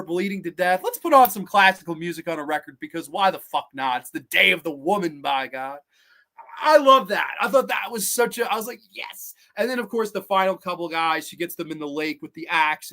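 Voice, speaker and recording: Profane, animated man reviewing horror films. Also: on the high side. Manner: animated, profane, many fillers and restarts. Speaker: podcast host reviewing films. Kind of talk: casual film review monologue.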